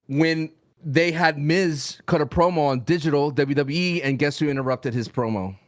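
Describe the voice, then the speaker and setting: A man's voice: on the high side, moderate pace. A man co-hosting a casual wrestling podcast, joking and laughing often, with exaggerated comic outbursts. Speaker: podcast co-host.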